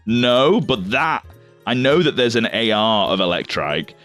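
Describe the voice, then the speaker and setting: A young man rambles through a casual pack-opening session, tripping over names and cursing offhand. His voice sits at an ordinary middle pitch. A faint music bed plays under his talk. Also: expressive, measured pace, a bit bright. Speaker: YouTuber opening trading card packs. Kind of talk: casual unboxing commentary.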